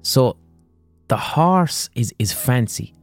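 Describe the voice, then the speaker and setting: A man's voice: medium pitch, animated, slow, no echo, soft background music. An Irish man hosting a podcast, telling old stories in a chatty monologue full of "like" and swearing. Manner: chatty, profane, frequent "like". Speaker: podcast host. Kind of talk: casual storytelling monologue.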